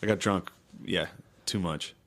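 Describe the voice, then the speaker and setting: A man's voice: low-pitched, measured pace, vocal fry, a bit bright. A man co-hosting a podcast in casual, crude banter, laid-back and laughing often. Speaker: podcast co-host.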